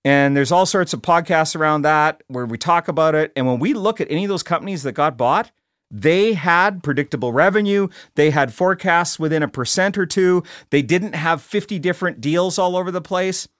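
A man's voice: a little high, a little fast, a bit bright, clear, resonant tone, no room sound. A middle-aged man hosting a podcast in a studio, talking bluntly and casually, often restarting and repeating words. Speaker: podcast host. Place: recording studio.

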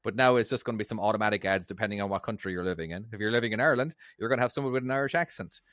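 A man's voice: on the low side, rapid-fire, fairly bright tone, no room sound, studio quality. A man co-hosting a podcast in casual chat, rambling and restarting his sentences with a chuckle. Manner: rambling, self-interrupting, chuckly. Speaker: podcast co-host.

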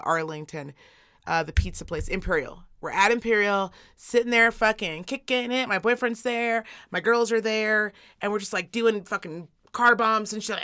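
A woman co-hosting a podcast, telling stories in casual chat, animated and swearing freely. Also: medium pitch. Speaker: podcast co-host.

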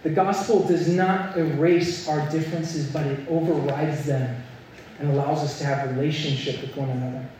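A man's voice: on the high side, warm tone, a little hiss or hum. Young man preaching in an echoey church. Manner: storytelling, earnest, building to emphatic points. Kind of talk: sermon. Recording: echoey hall, mic at a distance.

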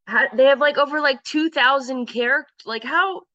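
Podcast host, bright sharp voice, dry close sound, curious, playful questions. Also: sits high, no echo, lo-fi sound. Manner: curious, playful, quick questions, casual swearing. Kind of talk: casual interview chat.

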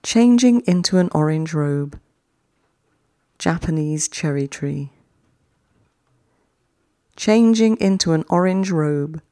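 Poetry podcast host: slow, measured reader with a mellow tone and a dry, close sound, each poem read twice. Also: medium pitch, dry recording. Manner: reads each short poem twice with long pauses; chatty, quicker sign-off.

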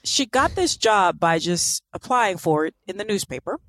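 A woman's voice: mid-range voice, very animated, moderate pace, fairly bright tone, no room sound, clean studio sound. A woman co-hosting a podcast, telling a life story in casual, irreverent chat. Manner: chatty and irreverent, apologetic about pronunciation. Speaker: podcast co-host.

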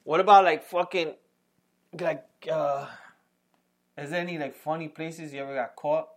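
A laid-back man chats on a podcast, his voice sitting a little high for a man. He backs up his friend's stories with easy agreement and swears freely. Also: steady tone, moderate pace. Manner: laid-back, frequent backchannel agreement, profane. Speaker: podcast co-host. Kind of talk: casual chat.

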